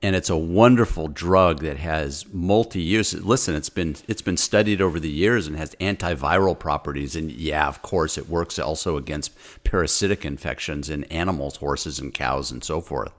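This deep-voiced doctor rants with heated insistence on a talk show, talking at normal speed with few pauses. His anger comes through in forceful repetition, stumbles, and restarts as he drives every point home.

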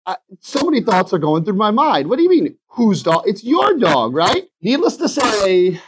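Animated high-voiced Louisiana man storyteller. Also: moderate pace, husky, poor audio. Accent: South Louisiana. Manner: animated storyteller acting out phone calls. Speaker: realtor guest telling a story. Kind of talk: casual storytelling interview.

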